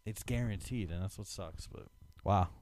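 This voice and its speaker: A man in his thirties chatting casually as a podcast co-host, rambling with lots of filler words and getting animated when excited. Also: low-pitched, moderate pace, slight background noise. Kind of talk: casual chat.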